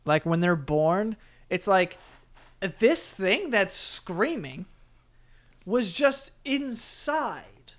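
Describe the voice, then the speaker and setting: A man's voice: high voice, sing-song, very slow. A man co-hosting a podcast, telling a story in casual chat, acting out voices and laughing. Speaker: podcast co-host.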